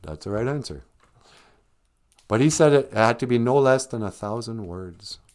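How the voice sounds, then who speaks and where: A man's voice: medium pitch, lively intonation, normal speed, darkish tone. A man hosting a live stream, retelling a film in a rambling, chatty way. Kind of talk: casual storytelling.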